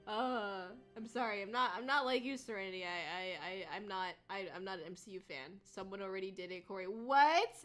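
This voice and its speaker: A woman's voice: mid-range voice, brisk, hardly any pauses, fairly bright tone, faint music behind. A woman streaming as a VTuber, chatting casually in a rambling way, swearing and laughing often. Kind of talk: casual livestream chat.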